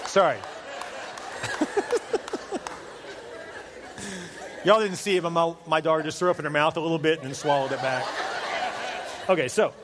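A man's voice: fairly high pitch, expressive, slow pace, pauses often, a crowd in the background, noisy background. A middle-aged man preaching a sermon to a large church congregation, casual and joking in tone. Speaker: pastor. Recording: long hall reverb.

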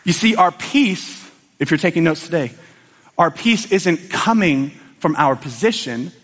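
A man preaching a sermon to his church, animated and storytelling, acting out scenes in quick little voices. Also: a little high, long reverb tail.

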